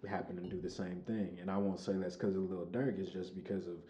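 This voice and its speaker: Brief: young man from Chicago, lowish voice, dark, easygoing and profane, echoey lo-fi room. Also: level tone, fast, a little hiss or hum. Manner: laid-back, loose, swears freely. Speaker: podcast guest, recording artist. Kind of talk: casual conversation.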